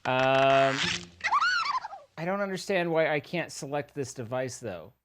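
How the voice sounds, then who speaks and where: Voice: mid-range voice, measured pace. A live streamer chatting casually with viewers, rambling and teasing them playfully. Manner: rambling, animated.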